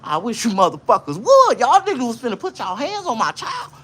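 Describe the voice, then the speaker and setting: A man voicing a fierce mother who loudly and defiantly defends her son. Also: fairly high pitch, wildly swooping pitch, brisk, husky, pitched above the performer's own voice, full character voice. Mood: indignant. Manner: loud, indignant, defiant.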